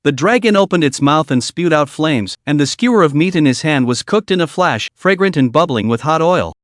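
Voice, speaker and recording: A man narrating a recap of a fantasy comic story in an even, steady read. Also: on the high side, a little fast, no room sound, clean studio sound.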